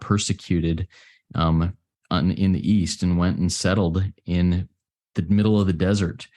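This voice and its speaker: A man from the United States giving an earnest, reflective share at a recovery meeting, often pausing and restarting his sentences. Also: low-pitched, a little mellow. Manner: earnest, halting, with many restarts.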